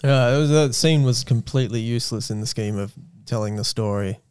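A man's voice: medium pitch, a little fast, a little mellow, clear, resonant tone. A man in a casual movie review chat, blunt and swearing, often restarting his sentences.

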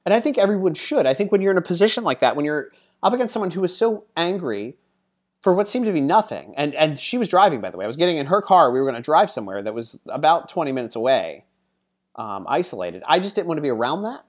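A man's voice: fairly high pitch, big pitch swings, quick pace. A man telling a personal story in a casual, chatty way. He wanders into side remarks as he goes and leans on plenty of everyday fillers. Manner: chatty, digressive asides and frequent fillers.

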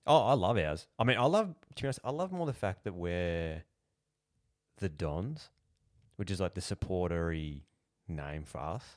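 A man's voice: deep voice, animated, moderate pace, no echo, studio quality. A man with an Australian accent co-hosting a casual podcast, laid-back and blunt, swearing casually. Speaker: podcast co-host. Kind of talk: casual chat.

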